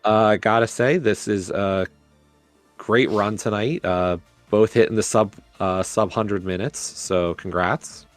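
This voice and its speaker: Man, low voice, relaxed live game commentary, chatty with players, faint music behind. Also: slow. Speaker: race commentator.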